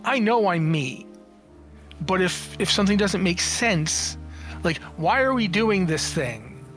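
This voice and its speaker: High-voiced animated man telling stories. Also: a little slow, soft background music. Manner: animated, jokey, acts out quoted lines, frequent restarts. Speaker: interview guest, games journalist and writer. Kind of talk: casual storytelling in an interview.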